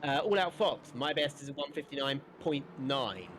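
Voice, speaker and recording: A man's voice: on the high side, expressive, normal speed, a bit bright, a little hiss or hum. A man doing casual, teasing live commentary and banter on a sim race. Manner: playful, teasing, jokey.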